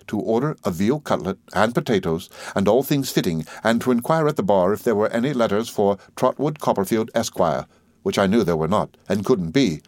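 A man narrating a classic novel in the first person, with a measured, expressive literary reading style. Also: lowish voice, no echo. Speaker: audiobook narrator.

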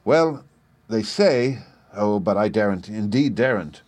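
A man's voice: lowish voice, lively intonation, unhurried, darkish tone, no echo. A man voicing a frightened young page boy who pleads in old-fashioned speech, as a character voice in an audiobook. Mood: fearful.

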